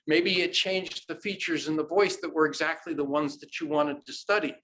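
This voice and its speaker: A man's voice: a little high, a bit bright, a little hiss or hum, poor audio. A man giving an informal conference talk, often checking in with "right?". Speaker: academic presenter. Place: conference room.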